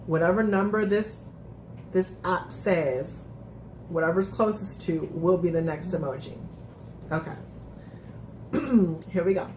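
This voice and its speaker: A woman's voice: lowish voice, a little slow, long pauses, a little mellow, a little hiss or hum. A woman hosting a casual live-stream recap, chatting with viewers, laughing often and restarting her sentences. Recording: echoey room.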